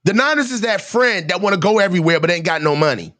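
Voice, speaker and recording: A man's voice: high-pitched, lively intonation, fast, a bit bright. A man hosting a live football reaction show, ranting in heated, slangy commentary.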